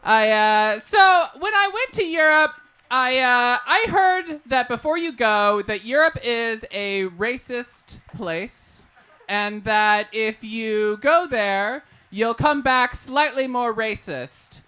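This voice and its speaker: Bright-voiced woman doing live stand-up. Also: fairly high pitch, takes it slowly, clean tone. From Portland, US. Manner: animated, profane, laughs at own jokes. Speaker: stand-up comedian. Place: live comedy cafe stage.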